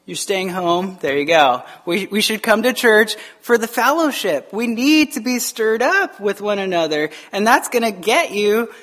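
Chatty animated male pastor. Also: sits high, unhurried, hardly any pauses. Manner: casual and chatty, with frequent restarts and laughs; animated, acting out quoted voices. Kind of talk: conversational sermon. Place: church sanctuary, also streamed online.

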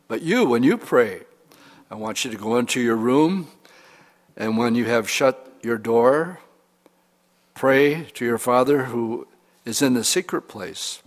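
A man preaching from the pulpit with a mid-range voice, relaxed and chatty, slipping into little acted-out prayers and asides. The hall rings with a long reverb behind him. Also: mid-range voice. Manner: conversational preaching with humor and quoted examples. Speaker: pastor. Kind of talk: sermon.

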